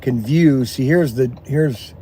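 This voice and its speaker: A man's voice: medium pitch, slow pace, dark tone, breathy edge. A man vlogging from inside his car, talking in a chatty, rambling way with folksy exclamations, recorded on a phone camera. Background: faint road and vehicle noise.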